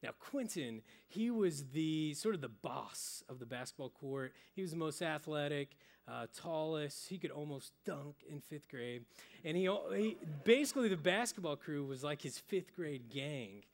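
A young adult male pastor preaching a sermon, telling stories and dropping to a soft, hushed voice for emphasis. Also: on the high side, animated, normal speed. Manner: storytelling, with sudden drops to soft, hushed emphasis.

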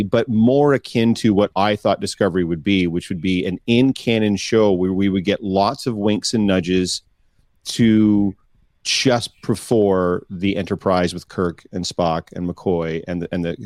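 Excited low-voiced male podcast host. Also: no room sound. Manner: excitable, gushing fan. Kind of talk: casual chat.

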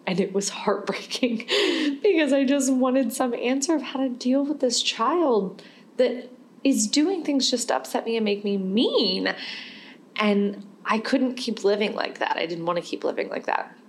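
A woman's voice: a little high, unhurried, a little hiss or hum. A young woman hosting a podcast, telling a personal story in a candid, rambling way and laughing now and then. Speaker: podcast host.

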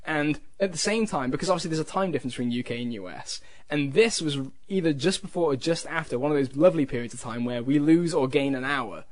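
Brief: man, slightly high voice, chatty author who laughs through his anecdotes. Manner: animated, laughs often, swears casually. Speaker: author and podcast guest. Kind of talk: casual storytelling chat.

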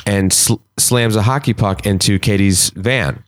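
A man's voice: fairly low pitch, unhurried, a little hiss or hum. A man co-hosting a podcast, telling a story in casual chat with lots of swearing and animation. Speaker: podcast co-host.

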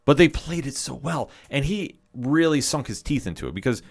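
A man's voice: mid-range voice, expressive, normal speed, creaky. A man co-hosting a casual podcast chat, talking at length in an enthusiastic, opinionated way. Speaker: podcast co-host. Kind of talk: casual chat about wrestling.

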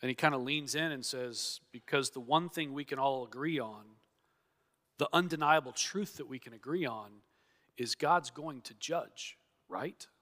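A man's voice: medium pitch, unhurried, fairly bright tone. A man preaching an expository sermon, earnest and emphatic, acting out the objections he quotes. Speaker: pastor. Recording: long reverb of a church hall.

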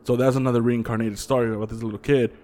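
A man co-hosting a podcast, telling ghost stories in a loose, swearing, animated way and acting out the voices of the people in them. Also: mid-range voice, very fast. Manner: profane, animated storyteller who acts out quotes. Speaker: podcast co-host. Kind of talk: casual chat, storytelling.

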